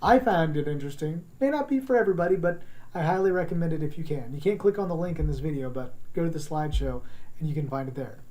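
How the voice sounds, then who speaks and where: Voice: mid-range voice, fast talker, darkish tone. A teacher giving a recorded class lesson on accents, talking in an encouraging, conversational way and showing sounds.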